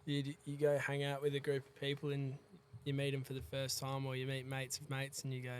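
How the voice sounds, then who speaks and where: Man, flat even delivery, easygoing guest, faint background hum. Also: medium pitch, fairly quick, few pauses. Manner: relaxed, flat delivery, lots of agreeing. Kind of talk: casual chat.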